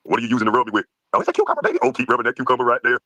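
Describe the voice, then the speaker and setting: A man's voice: medium pitch, huge pitch swings, bright, forceful tone, no room sound, heavily acted. A man doing a lame moaning lover. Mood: mocking.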